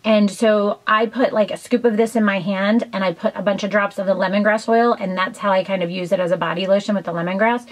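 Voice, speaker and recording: A woman's voice: medium pitch, fairly even intonation, fast, hardly any pauses, low-quality recording. A woman chatting casually in a beauty haul video, enthusiastic and rambling with lots of ums and side comments. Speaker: beauty vlogger.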